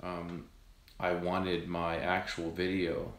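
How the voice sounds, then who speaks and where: A man hosting his own video channel, talking to viewers in a monotone, rambling way with many fillers. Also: sits low, slow pace, roomy sound. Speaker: channel host. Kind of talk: casual outro to viewers.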